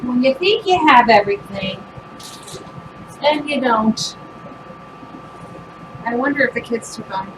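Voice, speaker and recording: A middle-aged woman's voice, a little high and animated, moves at a measured pace with long pauses as she chats through a craft demonstration. Hands busy, she makes self-deprecating asides, recorded at home over the hum of a loud furnace.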